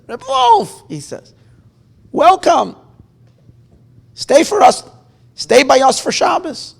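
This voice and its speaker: A rabbi tells a story to a gathering, his pitch sitting a little high for a man. He swings his voice up and down freely and acts out the characters' lines. A gravelly rasp runs under his words. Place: gathering room with guitar nearby.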